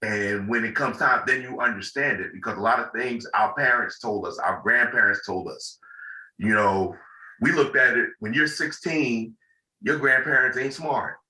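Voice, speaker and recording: Hoarse host with a bright, roomy voice. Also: male voice, mid-range voice, moderate pace, recorded from a distance. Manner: laid-back, folksy, repeats himself. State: hoarse from illness. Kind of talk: casual discussion.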